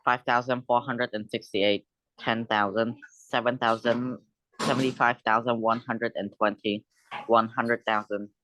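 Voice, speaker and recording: Guy reading out a lesson text, careful and even, dry close mic. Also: mid-range voice, no room sound, lo-fi sound. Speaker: student reading a lesson aloud.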